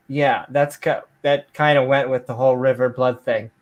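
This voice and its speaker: A man's voice: medium pitch, steady tone, moderate pace, few pauses. A man hosting a comedy show, reading old scripture aloud in a mock-grand voice and mocking it. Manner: sarcastic, reads archaic verses in a mock-grand voice. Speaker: host.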